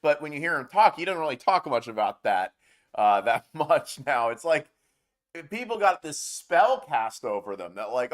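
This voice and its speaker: Guy with a pretty high voice doing heated political commentary, sarcastic, mocking, keeps ranting. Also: very animated, moderate pace.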